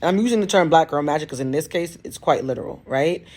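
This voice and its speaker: A woman's voice: low-pitched, expressive, fast, darkish tone. A woman who works as a tarot reader and coach, telling a personal story in a direct, emphatic way. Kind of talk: storytime monologue.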